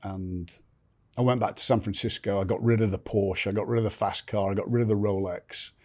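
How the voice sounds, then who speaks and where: A man's voice: on the low side, fairly even intonation, a little fast. An older man telling his life story candidly as a podcast guest, blunt and swearing freely, often restarting sentences.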